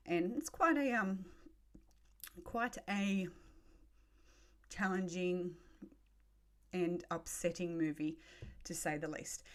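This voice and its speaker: A woman, hosting a podcast and telling a story in a frank, sweary way. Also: on the low side. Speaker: podcast host. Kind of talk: casual storytelling.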